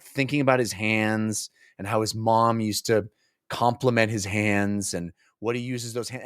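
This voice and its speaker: A man's voice: fairly low pitch, no echo, studio quality. A man co-hosting a casual book discussion podcast, retelling scenes animatedly and putting on silly voices for characters. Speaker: podcast co-host.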